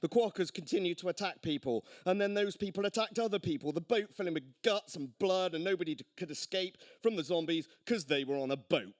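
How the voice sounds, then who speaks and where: A man reading his own crude comic horror story aloud at a live storytelling night, gleeful and deadpan about the gore. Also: sits high, a little fast, few pauses, dry recording, clean studio sound.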